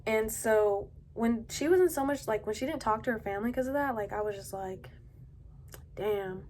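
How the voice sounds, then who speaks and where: A young adult woman at home tells a personal story in a halting, casual way, full of fillers. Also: a little high, darkish tone, slight background noise. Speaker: vlogger. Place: at home indoors.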